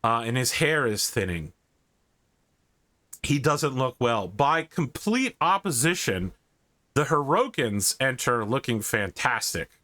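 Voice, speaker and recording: A man's voice: mid-range voice, sing-song, slow, bright, forceful tone. A man running a tabletop game as game master, describing scenes loosely with many fillers.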